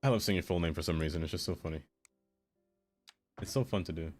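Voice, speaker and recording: Casual male streamer chatting to his viewers, lowish voice, teasing and goofy, with faint music under him. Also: fast talker. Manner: playful, teasing, bursts into high sing-song catchphrases. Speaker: game streamer.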